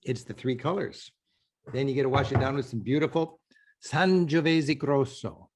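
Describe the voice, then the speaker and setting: A man's voice: mid-range voice, fairly even intonation, normal speed. A man hosting a travel show, chatting to the camera in an enthusiastic, conversational way and repeating points for emphasis. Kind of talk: casual on-location talk to camera.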